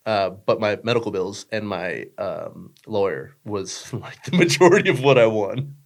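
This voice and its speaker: Young man, low-pitched, casual podcast guest, rambling, profane, joking. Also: lively intonation, moderate pace, vocal fry. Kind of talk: casual chat.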